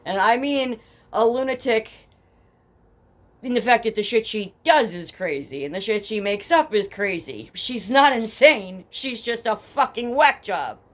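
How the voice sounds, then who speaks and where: A woman's voice: fairly high pitch, animated, unhurried. Profane, sarcastic Jersey woman telling true crime. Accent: New Jersey. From New Jersey. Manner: blunt, profane and sarcastic, reads case documents then mocks them. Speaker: true crime podcast host. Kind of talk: casual true crime storytelling. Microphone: headphones with a home mic.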